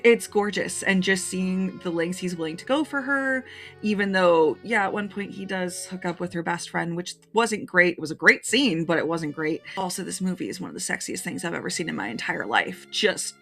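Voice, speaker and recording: A woman's voice: fairly low pitch, creaky, fairly bright tone. A woman gushing through her favorite movies to camera in a casual review, openly emotional and getting choked up as she talks.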